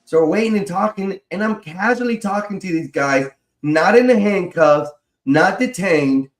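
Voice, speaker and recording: A man's voice: high voice, expressive, moderate pace. A man telling a long personal story in a casual way, swearing freely and laughing as he goes. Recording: roomy echo.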